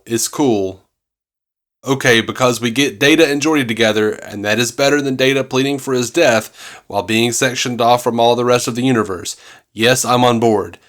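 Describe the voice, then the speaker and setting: A man's voice: medium pitch, a bit bright. A man co-hosting a podcast in casual chat, reading listener emails aloud with jokes and laughter. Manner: jokey, laughing, plays up silly voices. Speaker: podcast co-host.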